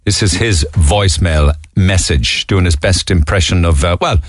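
A middle-aged man with a Cork Irish accent hosting a radio phone-in, chatty and relaxed. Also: sits low, moderate pace. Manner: chatty, relaxed, laughs easily. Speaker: radio talk show host. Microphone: studio mic.

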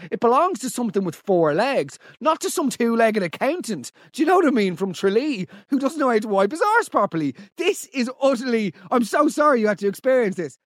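An Irish man hosting a podcast, mocking listener stories in comic commentary with big theatrical swings in pitch. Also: no room sound, studio quality. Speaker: podcast host.

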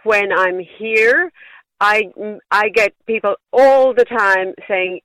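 A woman with a Wexford country accent speaks down a tinny phone line into a radio phone-in. Her voice is bright and forward, with a very dry close sound. She talks earnestly and with pride, and laughs lightly between phrases. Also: medium pitch, takes it slowly, dry recording. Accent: Wexford Irish. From Ireland. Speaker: caller.

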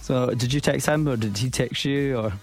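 Male radio host, playful and teasing, studio chat with soft music underneath. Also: mid-range voice, normal speed. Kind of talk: casual radio interview.

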